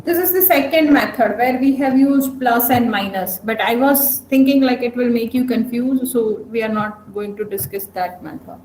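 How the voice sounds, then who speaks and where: A woman's voice: on the high side, normal speed, hardly any pauses, darkish tone. A woman teaching a programming class online, often stopping to check whether students follow. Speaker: programming lecturer. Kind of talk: online lecture. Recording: echoey room, faint noise.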